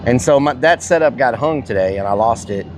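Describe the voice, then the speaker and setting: A man's voice: medium pitch, animated, brisk, background noise. A middle-aged man live-streaming while fishing outdoors by a river, chatting casually with his viewers and swearing freely. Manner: blunt, swears casually, answers chat. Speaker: livestreamer.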